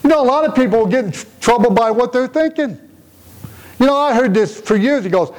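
Guy preaching, kinda high voice, earnest and emotional, keeps asking the crowd questions. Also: expressive, moderate pace, a little mellow, low-quality recording. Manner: earnest, repeats rhetorical questions; emotional, tender-hearted delivery. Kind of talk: conversational sermon.

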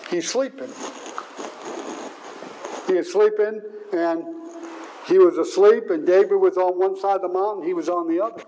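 A man's voice: high voice, fairly even intonation, normal speed, pauses often, mellow, low-quality recording. A man preaching a sermon in an earnest way, stressing and repeating key words, with faint hiss behind.

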